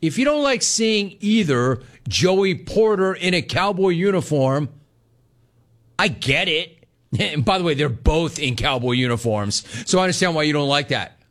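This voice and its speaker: Sarcastic higher-voiced sports host. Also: male voice, animated, moderate pace, fairly bright tone. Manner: sarcastic, mocking, laughs often. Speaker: sports talk show host. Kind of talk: sports talk commentary.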